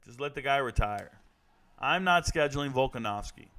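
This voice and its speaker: A man's voice: mid-range voice, animated, moderate pace, a bit bright. A man reacting live to fight night in casual stream chat, joking, rambling and reading viewer comments aloud.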